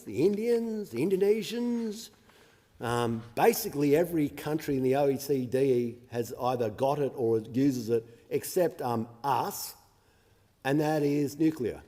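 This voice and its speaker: An Australian man with a high voice argues his point in a sarcastic, combative parliamentary speech. His words ring out with a long reverb through a large chamber. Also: dark tone. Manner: combative and sarcastic, mocking opponents. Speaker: member of parliament.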